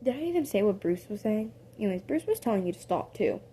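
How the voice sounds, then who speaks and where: A woman telling an improvised story in a casual, rambling way. She fills it with fillers, corrects herself mid-sentence and drops into soft whispered asides. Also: medium pitch, sing-song, quick pace, a little hiss or hum.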